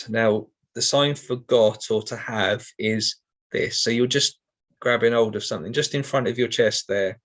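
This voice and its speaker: A man's voice: medium pitch, a bit bright. A middle-aged man teaching sign language in an online session, explaining each step patiently with many ums and okays.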